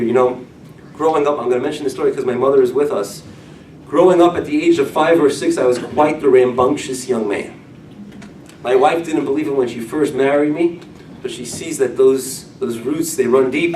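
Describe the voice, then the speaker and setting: A middle-aged man preaches a Torah class, his voice swinging from loud emphasis to hushed storytelling. He sounds set back from the mic in a roomy, echoing hall. A faint murmur of room noise sits underneath. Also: medium pitch, fairly quick. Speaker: rabbi. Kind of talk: sermon-style Torah class. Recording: echoey room, mic at a distance.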